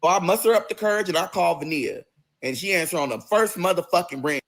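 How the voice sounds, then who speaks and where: A man's voice: high voice, fast, a bit bright. A young man telling a personal story in a casual, profane, emotional way, acting out the other people's lines. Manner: profane, emotional, acts out quoted voices. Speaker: storyteller recounting personal events.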